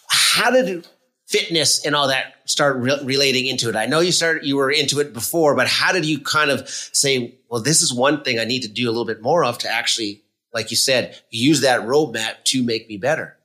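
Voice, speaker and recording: Man, podcast host, interviewing, supportive, restarts while thinking, bright voice. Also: medium pitch, moderate pace. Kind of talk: interviewing a guest.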